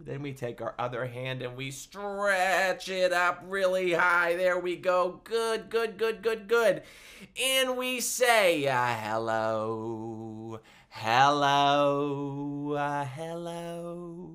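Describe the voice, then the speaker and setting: A man teaching a livestreamed music class for small children, talking in an animated, sing-song way. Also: high voice, slow pace.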